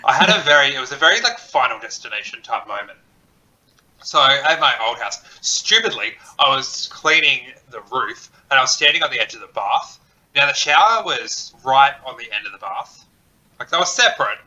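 A man's voice: medium pitch, normal speed, dull audio. A man co-hosting a podcast, chatting casually and telling stories with plenty of swearing and self-mockery. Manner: animated, swears freely, self-deprecating storyteller. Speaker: podcast co-host. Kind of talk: casual chat.

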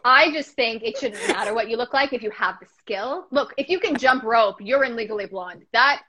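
A young woman hosting a casual chat, telling stories in a rambling, animated way with lots of restarts. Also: fairly high pitch, normal speed, crowd noise. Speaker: podcast host. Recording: dull lo-fi audio.

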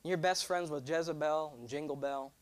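A young man preaching a sermon, animated and joking, drawing responses from his congregation. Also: a little high, moderate pace. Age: 20s. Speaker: pastor.

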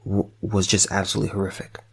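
Man, choked-up commentator, gravelly and husky, stumbling over his words. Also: sits low, monotone. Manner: halting and stammering, with many repeated words. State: choked up, fighting back tears. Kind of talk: emotional direct-to-camera commentary.

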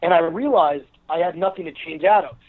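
A wrestler guest in a casual storytelling interview tells an anecdote and acts out the people in it. His voice is a little high and fairly quick, heard over a tinny phone line.

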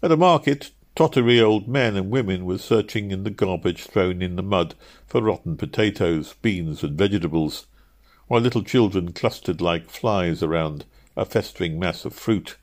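A man narrating an audiobook in a measured, steady reading. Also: low voice.

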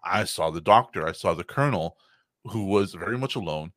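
A man's voice: deep voice, expressive, fairly quick, fairly bright tone, no echo, studio quality. A man co-hosting a casual podcast chat, talking animatedly and swearing freely as he acts out movie scenes. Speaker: podcast co-host.

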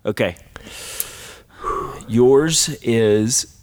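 A man co-hosting a podcast in casual chat, self-mocking and quick to laugh. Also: mid-range voice, a little mellow, no room sound. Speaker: podcast co-host. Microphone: podcast mic.

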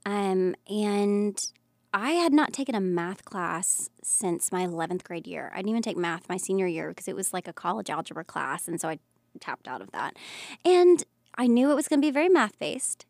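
A woman's voice: medium pitch, expressive, moderate pace, a little mellow, no echo, clean studio sound. A woman in her thirties from Florida with a Southern American accent, a guest actress chatting in an interview in a bubbly, earnest way and laughing often. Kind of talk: casual interview chat.

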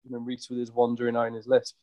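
A man's voice: mid-range voice, monotone, rapid-fire, dull audio, very noisy. A man guesting on a podcast, laid-back and hesitant in casual chat. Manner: laid-back, hesitant, many "um"s and "I don't know"s.

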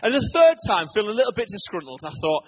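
A British pastor preaches with restless energy, his voice sitting high for a man. He tells stories fast, stumbling and repeating words as he goes. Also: sing-song, faint music behind. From England. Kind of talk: sermon.

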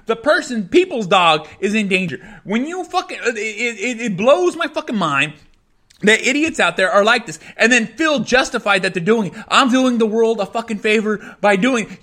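A man's voice: sits high, sharp tone. A man hosting a podcast, ranting angrily and profanely as he reacts to a news clip. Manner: angry, profane, repetitive ranting. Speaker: podcast host.

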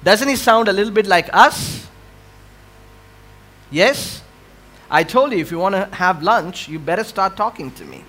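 High-voiced, bright preacher delivering a sermon. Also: male voice, lively intonation, unhurried, pauses often. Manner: preaching with call-and-response questions to the congregation; swells loud and high on impassioned cries, drops to quiet near-whispers. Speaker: pastor.

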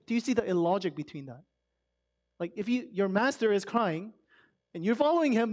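A man preaching a conversational sermon with rhetorical questions, swinging between loud emphasis and a soft hush. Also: high voice. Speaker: pastor.

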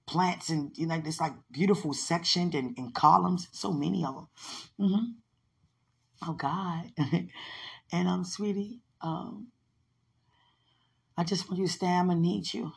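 A woman's voice: on the low side, a little slow, creaky, long pauses, slightly rough. A woman in casual, heartfelt one-sided talk, rambling and affectionate, often laughing, with religious phrasing.

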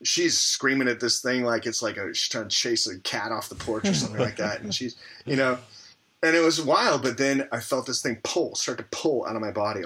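Husky, forceful man telling his story. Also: lowish voice. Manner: rambling, heavy on fillers and restarts. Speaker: interview guest. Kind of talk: candid personal storytelling.

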